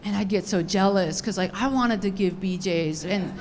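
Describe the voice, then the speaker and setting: A young woman doing a stand-up comedy set, crude and unfiltered, rambling with lots of "dude" and "like", her voice a little raspy. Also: mid-range voice, normal speed, a little mellow, a little hiss or hum. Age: young adult.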